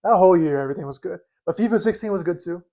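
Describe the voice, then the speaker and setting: Young male podcast co-host, slightly higher pitch, loose excitable chatter. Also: rapid-fire. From Los Angeles area. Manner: loose, slangy, excitable, repeats himself. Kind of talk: casual chat.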